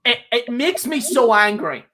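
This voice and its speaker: Bright-voiced man on an angry rant. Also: very high voice, big pitch swings, a little slow, slight background noise. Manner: angry, profane, repeats himself, keeps ending with "okay?". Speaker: co-host. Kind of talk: casual podcast rant.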